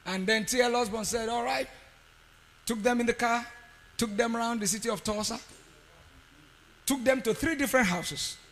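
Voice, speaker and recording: A man preaching a sermon, telling a story with sudden shouts and quiet asides. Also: very high-pitched, moderate pace, long pauses, long reverb tail, poor audio. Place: conference hall.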